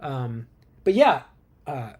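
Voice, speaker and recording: A man hosting a casual movie news podcast from home, rambling and tripping over names, quick to laugh. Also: medium pitch, big pitch swings, a little mellow, breathy edge. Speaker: podcast host.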